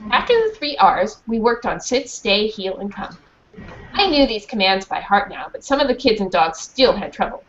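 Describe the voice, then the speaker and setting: A woman with a sing-song, medium-pitched voice reads at a moderate pace from a children's storybook in a classroom. She pauses to question the children and make sure they follow. The audio sounds dull and muffled, with a faint hiss.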